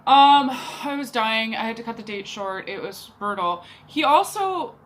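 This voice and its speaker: A woman's voice: a little high, animated, normal speed, a little hiss or hum, rough recording. A young woman telling a rambling, exasperated story about a bad date, leaning on "like" constantly. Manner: chatty, exasperated, heavy use of "like". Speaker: vlogger. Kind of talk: casual storytelling rant.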